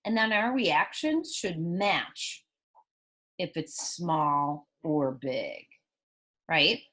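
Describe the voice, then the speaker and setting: A woman's voice: low voice, very slow. A woman teacher reading a picture book aloud to children, stopping to ask them questions. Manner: animated, asks children questions.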